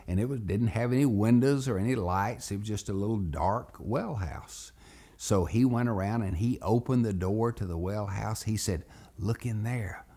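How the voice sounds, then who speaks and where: A man telling a childhood story as a lesson for children, acting out every voice. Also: fairly low pitch. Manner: animated, acts out voices.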